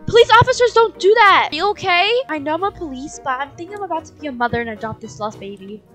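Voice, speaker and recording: Brief: high-voiced woman gamer, bright tone, excitable and playfully indignant commentary. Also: quick pace, faint music behind. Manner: excitable, gasps and playful mock outrage. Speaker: gaming channel host. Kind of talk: excited Let's Play commentary.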